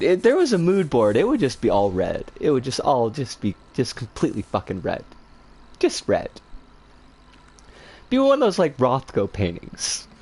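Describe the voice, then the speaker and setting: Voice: medium pitch, dark tone, breathy edge. A middle-aged streamer chatting with viewers on a livestream, ranting in an exasperated, profane way with frequent sighs and laughs. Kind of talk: livestream chat, responding to viewers.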